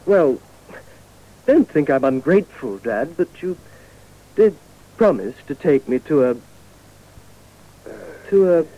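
A man's voice: a little high, very animated, slow pace, pauses often, phone-quality sound, full character voice. An actor playing a polite, awkward upper-class teenage boy, talking hesitantly and earnestly. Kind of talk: radio drama acting.

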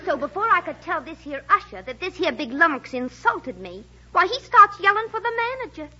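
High, bright brassy brooklyn wife, huffy and lively, old lo-fi radio. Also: female voice, brisk, exaggerated voice. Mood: indignant. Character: excitable, indignant Brooklyn wife. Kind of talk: 1940s radio acting.

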